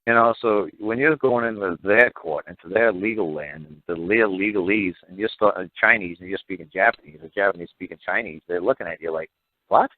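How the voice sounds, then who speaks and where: A man's voice: low-pitched, fairly quick, few pauses, no echo. A man hosting a call-in show, talking bluntly and repetitively with exasperation and some swearing, heard over a narrow phone-like line. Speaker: radio show host.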